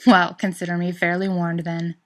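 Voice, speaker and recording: A woman's voice: lowish voice, level tone, moderate pace, natural voice. Woman voicing a shy young male professor. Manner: hesitant, soft-spoken.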